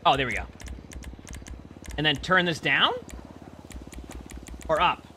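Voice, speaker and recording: A man's voice: on the high side, expressive, slow, sharp tone, a little hiss or hum. A male streamer talking casually to himself, puzzled as he works through the game's settings. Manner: puzzled, thinking aloud while fiddling with settings. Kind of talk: casual gameplay talk.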